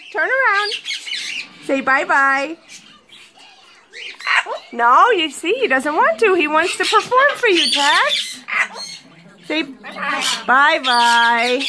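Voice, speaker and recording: Birds squawk and chatter loudly around a woman who coos at her pets in sing-song baby talk, urging them to say hello. Her voice is very high-pitched, and heavy background noise fills the indoor bird room where she keeps them.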